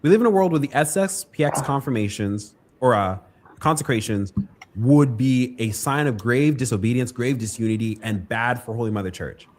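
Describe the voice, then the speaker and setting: A man commenting in a clip played on the show, earnestly appealing for kindness and calm. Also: mid-range voice, moderate pace, a little hiss or hum. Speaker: video commentator.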